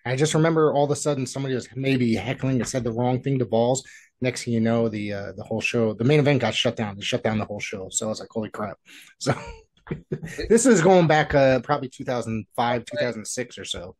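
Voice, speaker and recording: A man hosting an interview who asks halting questions and corrects himself as he tries to recall an old memory. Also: mid-range voice, a little mellow. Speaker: interview host. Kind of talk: casual interview.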